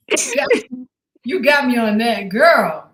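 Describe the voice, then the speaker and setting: A woman's voice: sits high, a bit bright. A woman hosting a live-streamed video chat, jumping in with playful, teasing remarks. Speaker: host. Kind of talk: casual interview over a live stream. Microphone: video call.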